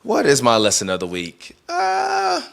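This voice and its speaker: A man's voice: a little high, unhurried, gravelly. A man chatting casually on a talk show, telling a story with lots of fillers and restarts and acting out what people said. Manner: animated storytelling, acting out quoted voices. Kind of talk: casual chat.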